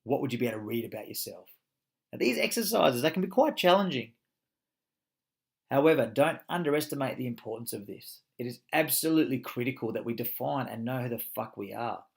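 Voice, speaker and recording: A man's voice: medium pitch, expressive, brisk, vocal fry. A man teaching a motivational coaching course, speaking emphatically, swearing freely and firing rhetorical questions.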